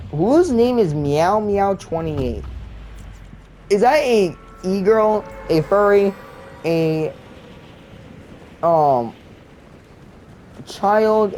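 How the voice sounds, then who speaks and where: A man's voice: fairly high pitch, dark tone, slight background noise, poor audio. Young guy grumbling thru a shooter match, lots of "like", faint gunfire behind. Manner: rambling, complaining, many fillers and restarts. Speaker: gamer. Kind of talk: gameplay commentary.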